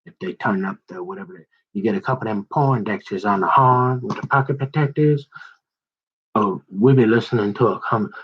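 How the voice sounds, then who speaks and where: A man's voice: medium pitch, muffled recording. A man talking in a loose, rambling monologue, colloquial and full of asides, recorded on a phone. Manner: rambling, colloquial, jumps between quoted voices.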